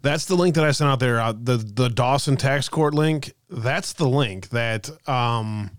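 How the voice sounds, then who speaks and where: A man talks casually to his viewers with loose fillers and asides. He speaks at a medium pitch, and his mic sounds close and dry, with no room in it. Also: unhurried, dry recording. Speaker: livestream host. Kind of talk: casual commentary over played clips.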